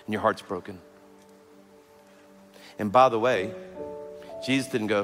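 A man, preaching a sermon as pastor, telling stories that move from loud and animated to hushed and tender. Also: lowish voice, normal speed, pauses often. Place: large church hall. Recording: long hall reverb with faint music.

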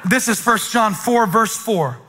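A man from South Carolina preaching a sermon as pastor, dropping to a hush then building to shouts with repeated rhetorical questions. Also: high-pitched, expressive, unhurried. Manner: dramatic preaching, swings from hushed to shouting; rhetorical questions and call-and-response with congregation.

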